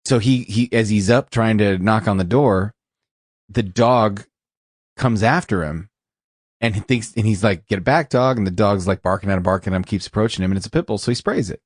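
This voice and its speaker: A man's voice: on the low side, a little fast, no echo, studio quality. A man hosting a podcast, joking crudely and telling a story about a fellow officer. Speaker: podcast host. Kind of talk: casual podcast chat. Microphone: studio podcast mic.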